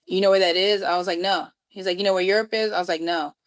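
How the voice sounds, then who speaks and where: A woman from New York City, a guest musician, telling a story with lively acted-out dialogue. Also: lowish voice, fast. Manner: acts out quoted dialogue with lively voices. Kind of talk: animated storytelling.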